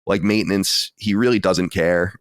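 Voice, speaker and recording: Low-voiced man telling a story. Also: normal speed, dry recording, studio quality. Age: 30s. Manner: animated storytelling, exasperated asides. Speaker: podcast co-host. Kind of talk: casual chat.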